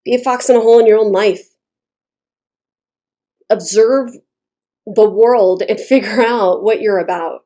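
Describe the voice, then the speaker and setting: A woman's voice: mid-range voice, unhurried, pauses often, dark tone. A woman giving a casual tarot reading, talking bluntly and chattily and swearing freely. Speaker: tarot reader.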